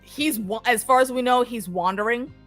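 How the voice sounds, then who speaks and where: A woman co-hosting a casual podcast chat about a TV episode, animated, swearing freely and acting out characters. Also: on the high side, normal speed, faint music behind. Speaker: podcast co-host.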